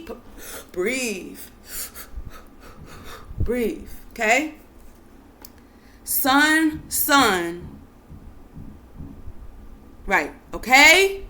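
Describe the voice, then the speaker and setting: Unhurried woman coaxing her listeners to breathe. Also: on the high side. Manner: soothing, coaxing, repeats "breathe" and "calm down", swells to emphatic bursts. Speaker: spiritual teacher. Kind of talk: spiritual teaching monologue.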